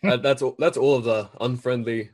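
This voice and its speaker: A man in a loose, joking conversation, full of sardonic jabs. He trips over his words and repeats himself as he goes. His voice sits at a middle pitch for a man. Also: steady tone, normal speed, darkish tone. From Britain. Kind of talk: casual chat.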